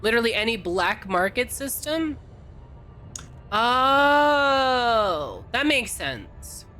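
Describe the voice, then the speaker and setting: A woman's voice: a little high, sing-song, drawn-out words, sharp tone, faint music behind. A woman from California streaming a game, chatting casually and teasing her chat in a playful way.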